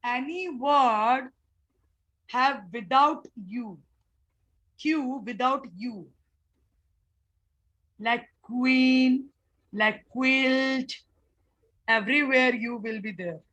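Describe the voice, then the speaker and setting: A woman, teaching a phonics workshop, explaining slowly and repeating sounds. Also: sits high, a bit bright, rough recording. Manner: slow, repetitive explaining with drawn-out sounds. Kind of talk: online phonics class for teachers.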